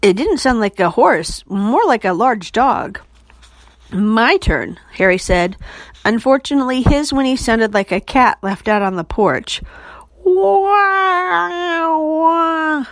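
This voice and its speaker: A woman reading a children's chapter book aloud in an expressive, animated way. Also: mid-range voice, moderate pace, no room sound. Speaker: storybook reader.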